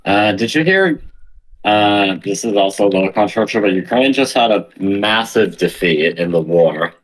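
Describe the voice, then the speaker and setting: A man's voice: on the low side, animated, normal speed, poor audio. A man co-hosting a podcast, rambling in casual, self-mocking chat while talking to the listeners alone. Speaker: podcast co-host.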